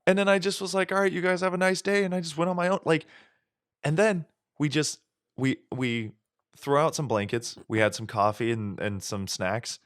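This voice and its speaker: A man co-hosting a podcast, telling a casual, animated story with plenty of swearing. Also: medium pitch, moderate pace, dry recording, studio quality. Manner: animated, profane, acts out voices in stories. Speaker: podcast co-host.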